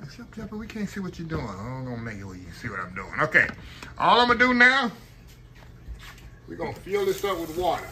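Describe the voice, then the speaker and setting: A man's voice: on the high side, very animated, a little fast, bright, forceful tone, slight background noise. A man hosting a casual home cooking demonstration, chatty and folksy, calling his viewers y'all. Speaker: home cooking channel host. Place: home kitchen.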